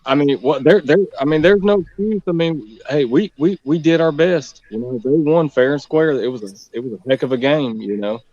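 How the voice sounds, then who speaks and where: A man's voice: fairly high pitch, moderate pace, few pauses, mellow. Laid-back male guest, hedging fillers, muffled lo-fi sound. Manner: laid-back, lots of "I mean" and "you know". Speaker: guest angler. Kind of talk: casual chat.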